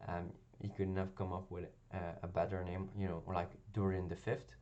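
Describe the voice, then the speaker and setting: Low, flat-voiced man reviewing a show. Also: normal speed, muffled recording. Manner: hesitant, many ums and restarts. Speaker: video reviewer. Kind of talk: casual spoken review.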